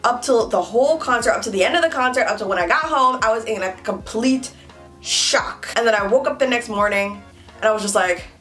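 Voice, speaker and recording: A woman's voice: on the high side, a little fast, fairly bright tone, soft background music. A young woman from Canada narrating a casual vlog with gushing, emphatic fan talk. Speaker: beauty vlogger.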